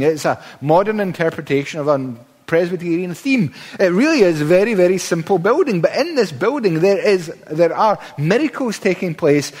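A man's voice: sits high, a little mellow, breathy edge. A man preaching a sermon in a church, emphatic, building to fervent peaks with stammered restarts. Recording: long hall reverb.

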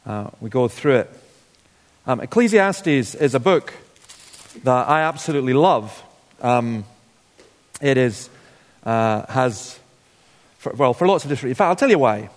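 A man's voice: medium pitch, lively intonation, unhurried, pauses often. A man from Scotland giving a guest sermon in a church, telling stories informally with wry asides. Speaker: guest preacher. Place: church hall. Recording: long hall reverb.

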